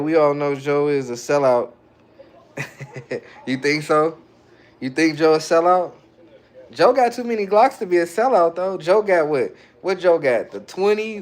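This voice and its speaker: Slangy, chuckling man with a higher voice. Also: a little slow. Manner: relaxed and slangy, chuckling often. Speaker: live streamer reading viewer chat. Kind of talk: casual livestream chat.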